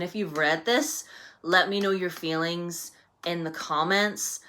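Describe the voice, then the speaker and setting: Young woman, chatty book vlogger, bright tone, lowish pitch, lots of fillers. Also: measured pace. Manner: chatty, animated, many fillers like "you know". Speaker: book reviewer. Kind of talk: casual book review vlog.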